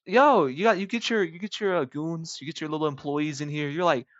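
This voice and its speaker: A young man rambling casually to his YouTube viewers, jumping into high squeaky voices for the people in his made-up stories. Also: brisk, a bit bright, no echo, highs cut off.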